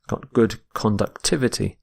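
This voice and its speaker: A man teaching English vocabulary, explaining words slowly and modelling their pronunciation and stress. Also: on the low side, gravelly. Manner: slow and deliberate, models pronunciation. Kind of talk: vocabulary lesson.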